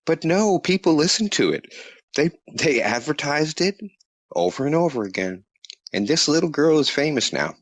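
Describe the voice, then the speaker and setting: A man's voice: on the high side, very animated, moderate pace, no room sound. A man talking in a casual interview, rambling and chuckling, with many fillers.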